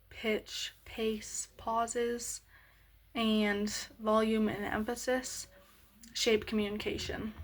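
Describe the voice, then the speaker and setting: A woman explaining a lesson on voice slowly, with many pauses and fillers. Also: a little high.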